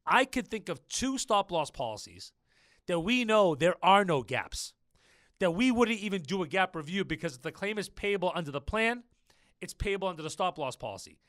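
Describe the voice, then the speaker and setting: A man hosting a business podcast, chatty and animated, telling stories straight to his listeners. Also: sits high, moderate pace, dry recording, studio quality. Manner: chatty, storytelling, addresses listeners as folks. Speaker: podcast host. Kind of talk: casual business podcast chat.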